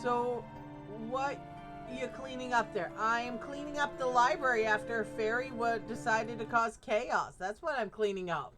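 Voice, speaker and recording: A woman's voice: on the high side, moderate pace, over music. A woman streaming a game live, chatting casually with her viewers, reacting to their messages and laughing often. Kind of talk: casual live-stream chat while gaming.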